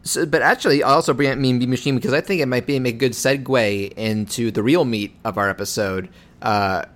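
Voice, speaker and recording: A man co-hosting a podcast, chatting casually about video games in a relaxed, measured way and steering the talk. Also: medium pitch. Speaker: podcast co-host.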